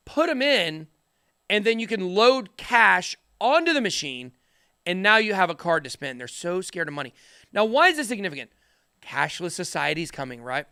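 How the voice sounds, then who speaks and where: A middle-aged man talks to the camera in a high, bright, forceful voice. He rambles energetically and slips in jokes. The sound is close and dry. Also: dry recording. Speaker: crypto channel host. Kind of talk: casual chat to camera.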